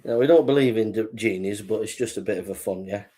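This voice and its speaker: A man's voice: on the low side, quick pace, dark tone. A man telling jokes in a rambling way as a podcast host, laughing at his own punchlines. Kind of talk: joke telling.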